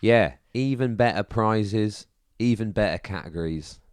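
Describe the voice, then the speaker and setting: A male podcast co-host with a very low voice, talking in a relaxed, halting way and often restarting his sentences. The recording is close and dry. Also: smooth, no room sound. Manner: laid-back, halting with restarts. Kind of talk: casual chat.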